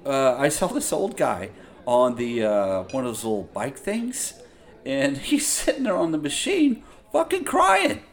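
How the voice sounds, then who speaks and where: A man's voice: a little high, big pitch swings, measured pace. A man hosting a podcast, talking in a casual, profane monologue full of exasperated gripes. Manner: profane, ranting, exasperated storytelling. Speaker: podcast host.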